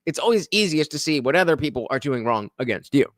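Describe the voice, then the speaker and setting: A man reacting to a podcast on a live stream, chatting casually and loudly shouting out donors. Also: fairly high pitch, quick pace, dry recording, studio quality. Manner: loud animated shout-outs to donors.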